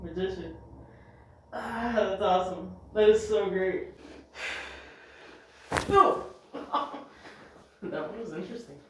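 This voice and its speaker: A woman's voice: medium pitch, slow, pauses often, a bit bright, distant mic, slight background noise. A woman reacting as a chiropractic patient, exclaiming and laughing between her words in a clinic treatment room. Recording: echoey room.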